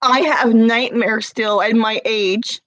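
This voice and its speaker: A woman's voice: on the high side, steady tone, slow pace, a bit bright, dry recording, muffled recording. A woman crying as she talks to camera, confronting someone with repeated pointed questions in an emotional rant. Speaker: vlogger.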